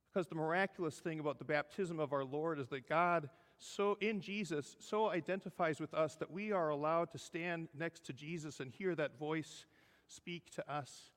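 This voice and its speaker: Pastor guy preaching, earnest, kinda high voice, long church reverb. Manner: earnest, rising emphasis, softening to hushed close. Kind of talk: sermon.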